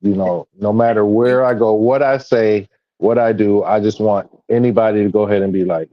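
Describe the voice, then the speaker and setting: A man in casual spiritual chat, speaking haltingly and backing others with frequent murmurs of agreement. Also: lowish voice, steady tone, no room sound, muffled recording.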